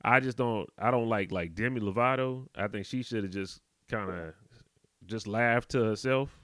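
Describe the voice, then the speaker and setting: A man's voice: on the low side, moderate pace, a bit bright, no echo, studio quality. A man co-hosting a podcast, chatting casually and laid-back, often checking in with his partner. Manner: laid-back, conversational, often asks "you know what I'm talking about". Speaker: podcast co-host.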